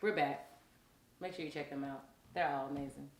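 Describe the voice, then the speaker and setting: A woman's voice: low-pitched, fairly even intonation, brisk, reverberant, background noise. A woman co-hosting a casual podcast chat, explaining earnestly and playfully. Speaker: podcast co-host.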